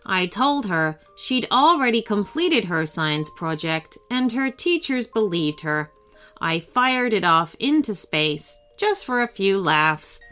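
A woman voicing a sarcastic, scheming male robot phone who talks in a slow, mocking way. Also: fairly low pitch, pushed and bright, clean tone.

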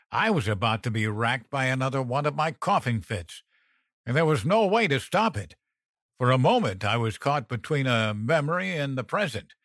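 A man narrating a first-person horror tale in a tense, measured way. His voice sits at an ordinary pitch and is recorded close on a studio mic with a dry, dead sound. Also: a bit bright, dry recording. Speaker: audiobook narrator.

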